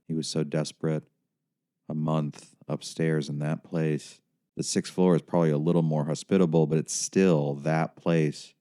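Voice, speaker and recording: A man narrating a first-person audiobook in a wry, bleak, deadpan way. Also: very deep voice.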